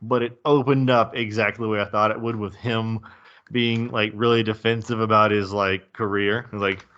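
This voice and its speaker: A man's voice: fairly low pitch, level tone, normal speed, a bit bright, lo-fi sound. A man co-hosting a casual movie review podcast, laughing often and acting out quotes. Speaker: podcast co-host.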